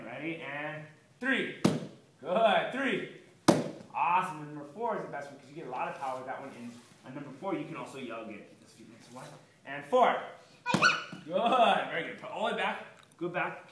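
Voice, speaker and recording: A karate instructor coaches a child through self-defense drills, briskly rattling off counts and praise in an animated voice that sits a little high for a man. He stands off-mic at a distance, his voice bouncing around a bare, echoey studio over a faint hiss.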